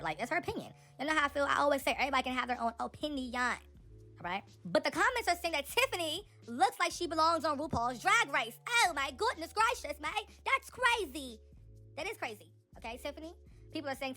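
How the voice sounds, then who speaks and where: A woman's voice: sits high, very animated, fast talker, sharp tone, soft background music. A woman hosting a celebrity gossip channel, giving casual, sassy and opinionated commentary straight to her viewers.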